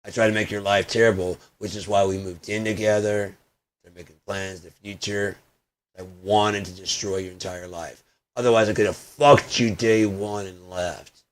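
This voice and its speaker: Brief: man with a lowish voice, ranting vlogger, swearing, loud bursts then mutters. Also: steady tone, normal speed. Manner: profane, swings from loud outbursts to muttering. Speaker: video blogger. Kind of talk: ranting personal monologue.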